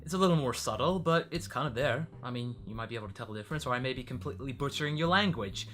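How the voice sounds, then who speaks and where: British guy, casual vlog host, very animated and bright, chatty with a self-mocking streak. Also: medium pitch, racing, slight background noise. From Britain. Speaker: voice actor answering fan questions.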